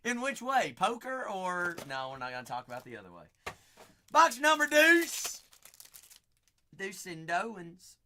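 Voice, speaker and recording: A man hosting a live card break stream, rattling off buyers' names with playful, sing-song banter and sudden loud bursts. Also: high-pitched, big pitch swings, brisk, few pauses, a little hiss or hum.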